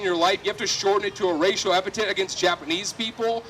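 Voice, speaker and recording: A man's voice: sits high, quick pace, few pauses, bright, forceful tone, slight background noise, low-quality recording. A man performing a self-deprecating, rambling stand-up set at an outdoor street festival. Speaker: stand-up comedian.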